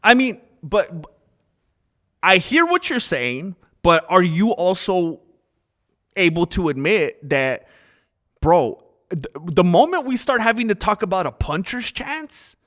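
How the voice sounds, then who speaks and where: Brief: a man ranting on a live stream, argumentative and animated, higher-pitched voice with a lot of swing. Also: unhurried. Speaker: streamer and fight commentator. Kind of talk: casual live-stream commentary.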